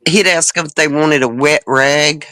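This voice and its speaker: A woman's voice: low voice, measured pace, sharp tone, no echo, poor audio. A woman hosting a casual panel chat, telling rambling stories and chuckling often.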